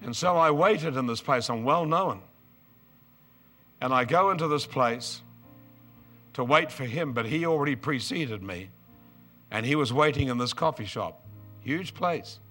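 An older man preaching a storytelling sermon, moving from quiet asides to loud, excited outbursts. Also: mid-range voice, measured pace, pauses often, faint music behind.

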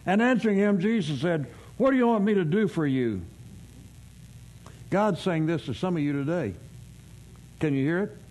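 A man's voice: fairly high pitch, lively intonation, moderate pace, long pauses, a little mellow. A man preaching a sermon as pastor, folksy and conversational, telling everyday stories and asking rhetorical questions.

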